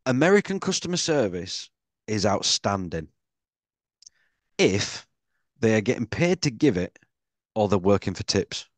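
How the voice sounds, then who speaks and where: A man's voice: on the low side, measured pace, pauses often, no echo. A British man, a podcast co-host, chatting casually and telling stories with lots of swearing. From Britain. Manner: swears a lot, animated storyteller. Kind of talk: casual chat.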